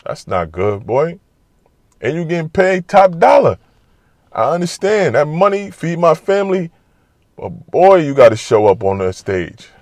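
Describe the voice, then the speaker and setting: Animated trash-talking New man. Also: fairly high pitch, unhurried, no room sound. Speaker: basketball commentator. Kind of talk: casual sports talk monologue.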